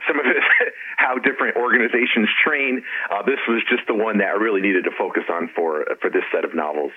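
A middle-aged man, an author and interview guest, talking in a relaxed, chatty way. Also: lowish voice, fairly quick, husky. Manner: relaxed, chatty, with frequent restarts and laughs. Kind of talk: casual interview chat. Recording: tinny phone line.

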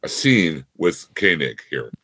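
A man's voice: very deep voice, slow, no room sound, clean studio sound. A man co-hosting a podcast, chatting casually about a TV episode and mockingly acting out scenes. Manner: animated, mocking, acts out scenes. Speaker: podcast co-host. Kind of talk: casual chat reviewing a TV episode.

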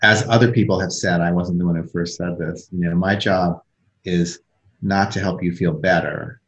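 A man being interviewed as a coach who explains his ideas calmly and with vivid metaphors. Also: low-pitched, moderate pace, highs cut off. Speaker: emotional awareness coach and guest. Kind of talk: conversational podcast interview.

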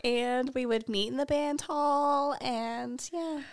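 A woman's voice: high-pitched, steady tone, slow, clear, resonant tone. A woman in her forties co-hosting a podcast, answering in short, dry, matter-of-fact replies. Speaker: podcast co-host. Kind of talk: casual chat.

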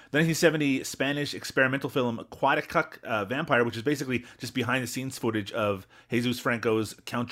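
A man's voice: mid-range voice, fairly bright tone. A man co-hosting a podcast in casual movie chat, swearing freely and laughing between remarks. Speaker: podcast co-host.

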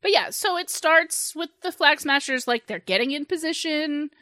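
A woman's voice: high-pitched, normal speed, pushed and bright, no room sound, studio quality. A woman co-hosting a casual podcast, eagerly recapping the episode. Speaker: podcast co-host.

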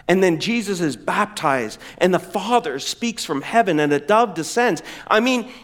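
Animated, high-voiced man preaching. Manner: animated, emphatic preaching with dramatic slowdowns. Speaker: pastor. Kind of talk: sermon.

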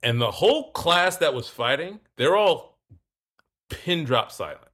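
A man's voice: fairly high pitch, unhurried, husky. A man telling a story in casual talk, acting out both sides of a conversation. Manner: animated, acts out both sides of dialogue.

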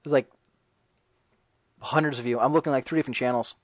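A man's voice: mid-range voice, steady tone, brisk, no echo, low-quality recording. A man hosting a casual talk radio show, reading and answering chat messages in a sarcastic, ranting way.

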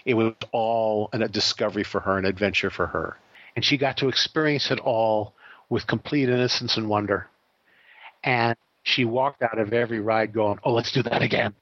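This anecdote comes from a man appearing as an interview guest, who animatedly acts out the voices of the people in his story. He speaks at a moderate pace in a lowish voice. There's no echo; the sound is close and dry, though a little muffled and dull up top.

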